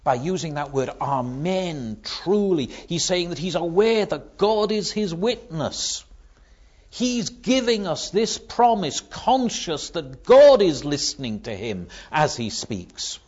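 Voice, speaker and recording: Male preacher, husky voice, slow deliberate delivery, lively pitch, dull lo-fi recording. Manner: wide swings from loud emphatic to hushed near-whisper. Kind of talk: sermon.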